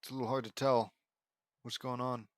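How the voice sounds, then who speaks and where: A man's voice: mid-range voice, little pitch movement, brisk, no room sound. A man reading fan fiction aloud and stopping often for sarcastic, exasperated asides, with some swearing. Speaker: audiobook reader.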